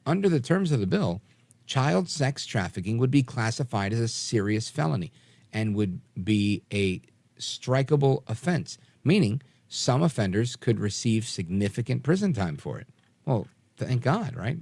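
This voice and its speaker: A man in his forties from New York, with a mostly softened New York accent, hosting a late-night talk radio show in an emphatic, energetic manner with frequent fillers and restarts. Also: mid-range voice, gravelly, dry recording. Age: 40s.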